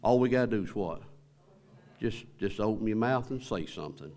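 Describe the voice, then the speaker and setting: A man's voice: lowish voice, animated, moderate pace, darkish tone. Southern man preaching a folksy sermon. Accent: Southern American. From American South. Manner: folksy preaching with rhetorical questions. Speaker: pastor.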